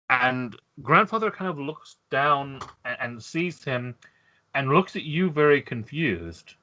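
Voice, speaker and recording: Acting as game master for a tabletop game, a man with a mid-range voice narrates in a relaxed, halting manner.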